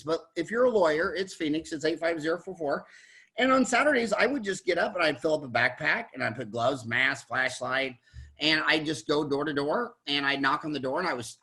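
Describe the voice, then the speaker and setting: A man in his sixties who hosts a podcast, telling stories in a casual chat, animated, stumbling into restarts and acting out the people he quotes. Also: on the high side, slightly rough. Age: 60s. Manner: animated storyteller, quick restarts, acts out quotes. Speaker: podcast host, dentist.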